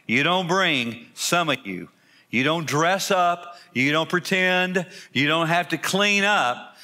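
A man preaches to his church with a bright, forceful tone that sits a little high for a male voice. He leans on rhetorical questions and drives home repeated phrases with emphasis. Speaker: pastor. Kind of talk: Easter sermon. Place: church service.

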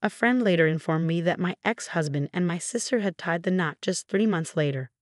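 A woman reading a first-person story as scripted narration, in an even, measured way. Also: lowish voice, no echo, clean studio sound.

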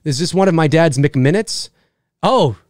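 Rambling livestream host, man, forties, slightly high-pitched, close dry mic, casual cursing. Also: expressive, a little slow, a little mellow, no room sound. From Canada. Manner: rambling, swears casually, repeats himself. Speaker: live show host reading chat.

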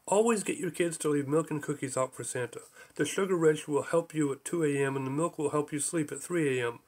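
Slightly high-voiced man reading deadpan comedy. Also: a little fast. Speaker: author reading his own book. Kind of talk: audiobook narration.

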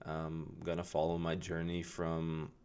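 Very deep-voiced man, flat and halting. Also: clear, resonant tone. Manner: rambling, hesitant, frequent fillers and restarts. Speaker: vlogger. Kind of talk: casual self-reflective vlog.

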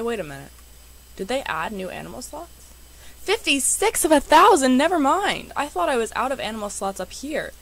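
A young woman, a gaming YouTuber, chatting excitedly to her viewers as she plays. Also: lowish voice, creaky, slight background noise, poor audio. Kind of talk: casual game commentary.

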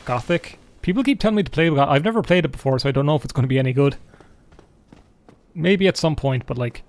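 Animated and fast, with a voice that's a little high, a young man from Ireland chats with viewers as he plays a game on stream. He's alone in his room, rambling and cracking jokes.

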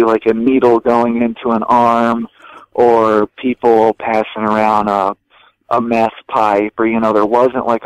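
A man talking as a guest on a podcast, relaxed and casual, cursing freely between lots of fillers. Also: fairly low pitch, clean tone, no room sound, low-quality recording. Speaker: documentary director, guest.

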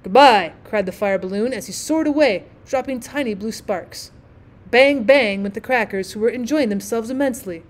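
A woman teacher reads a classic short story aloud, shaping each sentence with storytelling expression. Her voice sits a little high. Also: normal speed. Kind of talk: audiobook story reading.

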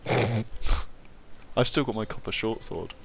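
A man with an English accent chatting casually while playing a video game, quick to joke and full of likes and restarts. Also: on the low side, creaky, slightly rough. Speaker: player.

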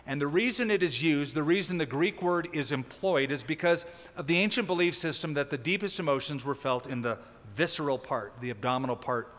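A male pastor delivers a sermon in a church sanctuary, with a voice that sits a little high for a man. He teaches conversationally, stressing key words and lifting his energy for emphasis, and the sound carries a long hall reverb. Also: brisk, fairly bright tone.

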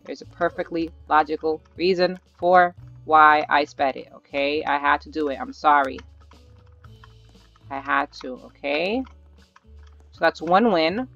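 A gaming channel host giving live gameplay commentary, nervous and excitable, urging themself on out loud. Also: medium pitch, measured pace, creaky. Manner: excitable, nervous self-talk with repeated urging. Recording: slightly dull lo-fi audio with faint background music.

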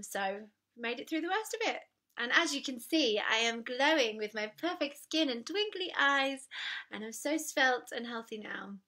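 A woman's voice: mid-range voice, pushed and bright. A young woman talking to camera in a candid, self-mocking personal vlog, with many ums. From United Kingdom. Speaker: vlogger.

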